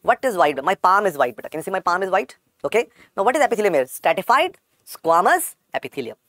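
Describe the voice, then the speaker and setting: A man's voice: sits high, very animated, fast, a bit bright, dry recording, clean studio sound. A man with an Indian accent giving a medical exam-prep lecture, repeating every key point several times and calling his students "beta".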